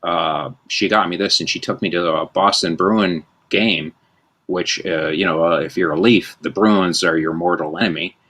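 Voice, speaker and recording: A man's voice: deep voice, steady tone, normal speed, fairly bright tone, husky. A man in his fifties, hosting a casual chat and telling rambling, self-mocking stories. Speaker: host.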